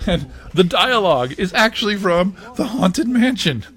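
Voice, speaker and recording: A man hosting a podcast, retelling a cartoon scene by scene in a casual, animated way with frequent chuckles. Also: high voice, moderate pace, slightly rough. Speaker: podcast host.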